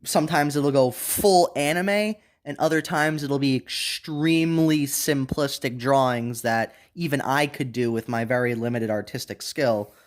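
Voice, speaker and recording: A man's voice: mid-range voice, measured pace, hardly any pauses. A young man giving a casual, unscripted anime review, rambling with many restarts and fillers.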